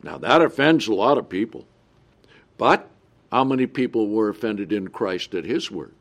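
A man preaching a Bible study sermon, reading scripture aloud slowly and adding his own comments. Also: fairly low pitch, lively intonation. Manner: often checks in with the listeners.

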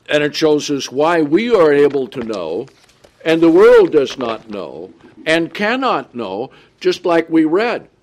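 A man delivers a Bible study sermon at an unhurried, measured pace. He reads scripture aloud slowly and comments between the verses, often checking in with his listeners. His voice sits a little high for a man. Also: darkish tone. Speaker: preacher.

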